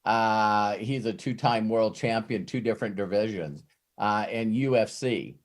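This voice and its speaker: A man's voice: on the low side, unhurried. A man hosting a Q&A, retelling a story with frequent "uh" fillers before an earnest motivational pep talk, heard over a video call.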